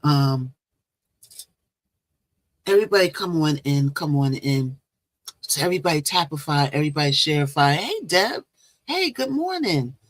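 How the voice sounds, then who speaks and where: A woman hosts a casual live stream, greeting viewers directly and chatting, often repeating phrases. Her voice is deep, her speed normal with long pauses, and the recording is dry.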